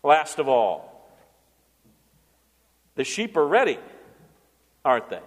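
A man's voice: on the high side, sing-song, slow pace. A man preaching a sermon as pastor, asking the congregation questions and answering them himself, in a church. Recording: long church reverb.

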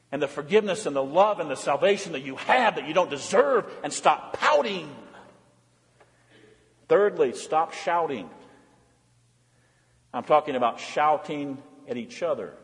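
A male pastor delivering an emphatic sermon in a church, repeating refrains and moving between loud appeals and quiet, hushed lines. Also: sits high, big-room sound.

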